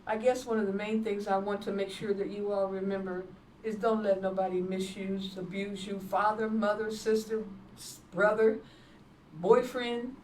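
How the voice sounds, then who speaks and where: A woman's voice: mid-range voice, little pitch movement, moderate pace, a little mellow. Woman, evangelist, testimony preaching, emphatic, repetitive, roomy echo, faint background noise. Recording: echoey room from far off.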